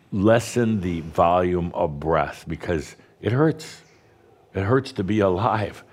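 A man, a spiritual teacher, guiding a group through deep breathing in a playful, teasing way with slow, emphatic phrasing. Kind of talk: guided breathing talk to an audience.

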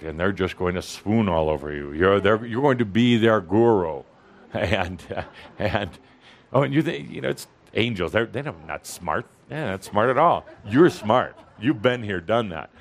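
A man's voice: on the low side, animated, moderate pace. Guy lecturing a spiritual audience, teasing and poking at them, says stuff twice for emphasis. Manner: playful, provoking, repeats for emphasis. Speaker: spiritual teacher addressing an audience. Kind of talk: teasing, lively spiritual talk.

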